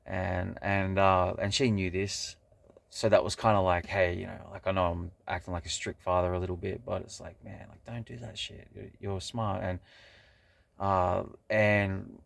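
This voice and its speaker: A vlogger with a low voice and vocal fry talks to camera in a loose, rambling casual monologue. He swears freely and keeps restarting sentences with lots of fillers.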